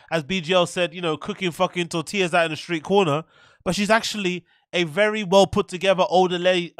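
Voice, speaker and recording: A man's voice: high voice, a bit bright, dry recording, clean studio sound. A man hosting a casual reaction video, profane and loose, riffing on a clip. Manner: profane, laughs often, riffs loosely.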